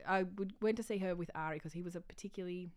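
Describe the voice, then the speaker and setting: Comedian guest, woman, lowish voice, self-deprecating storyteller, quick to laugh. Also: a little mellow. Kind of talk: casual interview chat.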